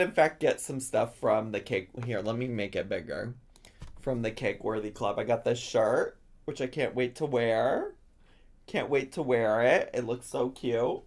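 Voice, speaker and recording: A man's voice: mid-range voice, a little mellow. A man hosting a casual live stream, chatting playfully with viewers and breaking into squeals and giggles. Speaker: streamer host.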